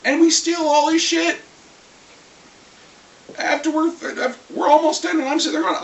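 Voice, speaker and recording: A vlogger getting over a cold, clearing the throat, telling a rambling, lively story about a tabletop game in a casual rant. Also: high voice, moderate pace. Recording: echoey room, far from mic, faint hiss.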